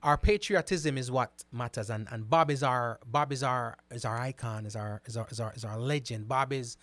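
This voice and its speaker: A man of middle pitch hosts a casual commentary, reading out comments and answering them. He repeats words and keeps asking "right?". The sound is dry and close. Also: normal speed, dry recording. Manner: animated, repeats words, asks "right?" often. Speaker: host.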